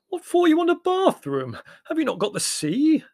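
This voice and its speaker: A man's voice: very high voice, wildly swooping pitch, normal speed, a little mellow, dry recording, clean studio sound, voice pushed up, exaggerated voice. A man voicing a flustered Greek villa agent who pleads and wails in anguish. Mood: wailing. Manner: pleading, wailing.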